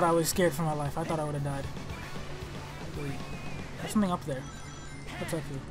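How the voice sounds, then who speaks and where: A young man giving let's play commentary on a video game, excitable and reactive, often exclaiming and swearing. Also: high voice, normal speed, pauses often. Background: game music.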